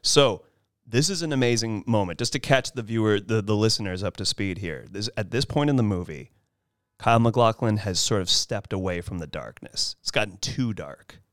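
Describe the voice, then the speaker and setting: A man in casual podcast talk about a film, animated and acting out lines from scenes. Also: moderate pace, dry recording, studio quality. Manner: animated, acts out film lines in high voices. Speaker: podcast host.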